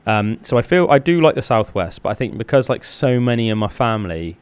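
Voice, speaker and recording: A man's voice: medium pitch, very animated, fairly quick, clear, resonant tone, no room sound. A man from the South West of England, co-hosting a podcast in casual, rambling, enthusiastic chat full of fillers. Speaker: podcast co-host.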